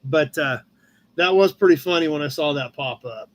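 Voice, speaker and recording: A man with a slightly high voice and a moderate pace hosts a live car-hobby chat from home, a cat nearby. His accent is Midwestern American, and he drifts casually through posts from viewers, heavy on fillers, naming people as he goes.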